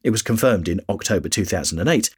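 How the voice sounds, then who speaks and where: Lively husky male history narrator. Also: fairly low pitch, quick pace. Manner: reads a history script. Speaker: podcast host. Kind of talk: scripted narration.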